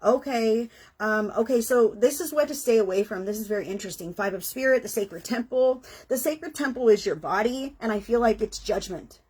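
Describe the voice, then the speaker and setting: A woman's voice: on the high side, a little fast, few pauses, darkish tone, husky. A middle-aged woman giving a chatty, earnest tarot reading, emotional at times and swearing casually. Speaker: tarot reader.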